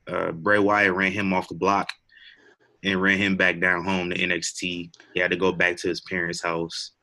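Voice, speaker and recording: On a wrestling podcast, a young adult co-host speaks in a low, monotone, sharp voice at a moderate pace. He's casual and rambling, dropping in lots of fillers and laughing often.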